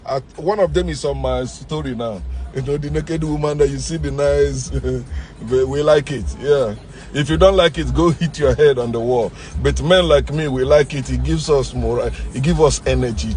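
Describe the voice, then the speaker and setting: A man with a Nigerian English accent hosting his channel in a ranting monologue, swinging between loud outbursts and low muttering. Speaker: channel host.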